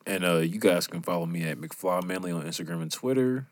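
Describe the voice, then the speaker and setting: A man's voice: sits low, expressive, fairly quick. A young man co-hosting a podcast in loose, rambling casual chat, full of "like" and slang. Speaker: podcast co-host.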